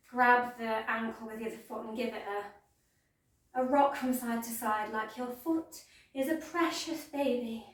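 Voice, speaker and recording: Woman yoga teacher giving playful gentle cues, kinda high voice, loud echo off the walls. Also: recorded from a distance. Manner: gentle, playful step-by-step cueing. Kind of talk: guided yoga class instruction. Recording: echoey room, voice from off mic.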